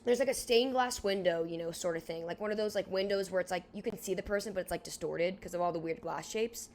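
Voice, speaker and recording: A young woman in her twenties co-hosting a podcast, telling a story in a casual, animated way, filling it with "like" and acting out what people said. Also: on the low side, quick pace, slight background noise. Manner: animated, heavy use of "like", acts out dialogue. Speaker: podcast co-host.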